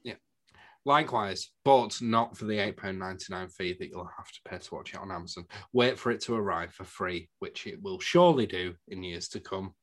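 A man's voice: low voice, brisk, a bit bright. A man from England co-hosting a casual film review chat, dry and joking with British slang. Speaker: podcast co-host.

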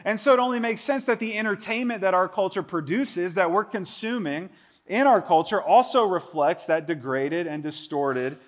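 Conversational pastor with a slightly high voice. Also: male voice. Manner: conversational, animated, quick asides. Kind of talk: sermon.

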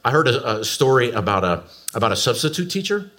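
Animated storytelling preacher, a man. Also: fast talker. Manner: animated storyteller, swooping pitch for emphasis. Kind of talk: storytelling sermon.

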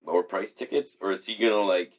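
A man joking around in a casual chat, animated and swearing freely. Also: sits low, quick pace.

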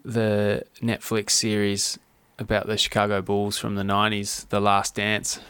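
A man's voice: lowish voice, monotone, unhurried, a bit bright, clear, resonant tone, no echo. An Australian man co-hosting a casual chat, talking in laid-back, wry banter.

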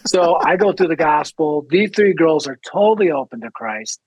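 A man telling a lively story as a guest speaker in an interview. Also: on the high side, husky, no echo, rough recording. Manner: energetic storyteller, quick and lively. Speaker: ministry founder and guest speaker.

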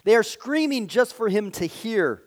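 Male pastor, sermon, slightly high pitch, halting delivery, dramatic volume swings. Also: lively intonation. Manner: dramatic swings from loud to hushed; halting, frequent fillers and restarts.

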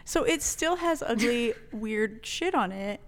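Animated woman telling a story, reverberant. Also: on the high side, slow. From New Mexico. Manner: animated, swears freely, laughs often. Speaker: podcast guest telling a story. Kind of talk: casual storytelling.

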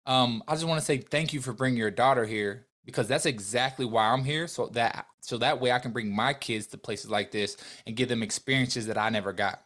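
A man's voice: medium pitch, brisk, hardly any pauses. A young man as a podcast guest, earnestly telling a personal story, acting out the dialogue and speaking openly about his faith. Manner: earnest, animated, faith-filled, acts out dialogue.

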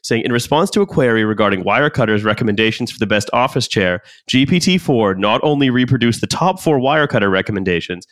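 A man's voice: medium pitch, animated, fast talker, hardly any pauses, fairly bright tone, dry recording. A man hosting a casual podcast chat who reads out legal text and often restarts his sentences. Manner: hesitant, many restarts and fillers. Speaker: podcast host.

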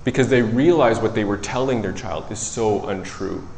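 Conversational preacher in an echoey hall. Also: male voice, lowish voice, moderate pace, creaky, a little hiss or hum. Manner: conversational, self-correcting, animated storytelling. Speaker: preacher and child psychologist. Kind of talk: sermon. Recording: echoey hall with long reverb.

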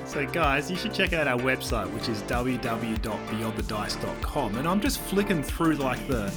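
A man's voice: mid-range voice, lively intonation, normal speed, loud music behind the voice. An Australian man plugging his podcast's website in a chatty way, laughing as he goes. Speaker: podcast player. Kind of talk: casual podcast plug.

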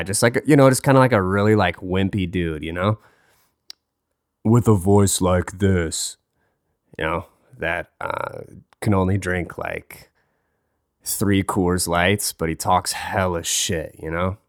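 A man's voice: low voice, clean tone, no echo, clean studio sound. A man hosting a casual solo talk, rambling and joking crudely, his voice stuffy from a cold. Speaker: podcast host.

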